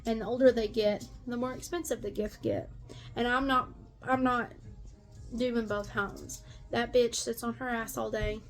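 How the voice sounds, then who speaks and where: A middle-aged woman venting bluntly about family drama, exasperated, swearing freely and repeating herself for emphasis. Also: on the high side. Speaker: stepmother vlogger. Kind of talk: venting rant to camera.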